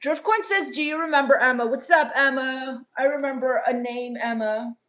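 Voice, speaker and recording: High-voiced deadpan gothic valley-girl woman. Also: normal speed. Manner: misanthropic, dismissive. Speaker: comedic livestream host reading chat. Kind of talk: deadpan character comedy livestream.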